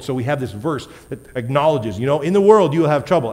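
A man's voice: medium pitch, animated, quick pace, hardly any pauses, darkish tone. A man preaching a sermon in a casual, conversational way, asking the congregation questions and correcting himself with light laughs. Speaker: pastor. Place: church hall. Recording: long hall reverb.

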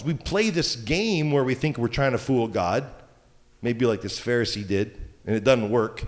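A man's voice: mid-range voice, moderate pace. A man preaching a sermon as pastor, talking in a conversational way with joking asides. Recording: long hall reverb.

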